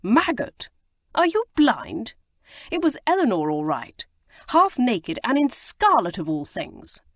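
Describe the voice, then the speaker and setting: A woman reading an audiobook, voicing an agitated, guilt-stricken young gentleman who bursts into exclamations. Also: medium pitch, big pitch swings, normal speed, no echo, voice pushed up. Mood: distraught. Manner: distraught, exclamatory outbursts. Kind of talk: audiobook character voice.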